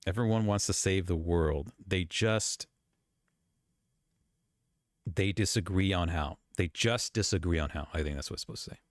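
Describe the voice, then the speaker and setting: A man giving casual reaction commentary as a YouTube commentator, chatty and animated. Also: sits low, moderate pace, pauses often, no echo, studio quality. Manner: animated, chatty, breaking into laughs and voices.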